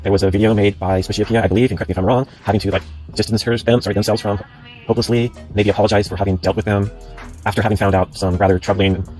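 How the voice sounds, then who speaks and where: A man's voice: on the low side, fairly even intonation, rapid-fire, a little mellow, faint music behind. A man hosting his own channel, reading out comment screenshots aloud and breaking in with rambling, sarcastic asides. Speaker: channel host.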